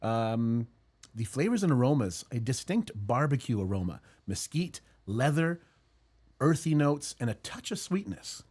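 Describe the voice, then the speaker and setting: A man's voice: mid-range voice, sing-song, a little slow, darkish tone, husky. A man hosting a casual chat stream, rambling and joking, with many fillers and laughs. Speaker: podcast host. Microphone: headphones and mic.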